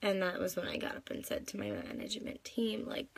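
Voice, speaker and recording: Tearful gravelly woman in her twenties. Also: medium pitch, sing-song, fairly quick. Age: 20s. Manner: upset, rambling, many fillers. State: crying. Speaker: vlogger. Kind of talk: live video venting.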